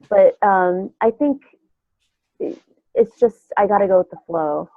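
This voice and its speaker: A woman's voice: medium pitch, unhurried, dry recording. A woman with a nasal voice that sounds like she has a cold, chatting in a loose, rambling way. Her speech comes through a tinny, phone-like line, and the sound is dry and close. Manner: rambling, full of fillers and restarts. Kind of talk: casual chat.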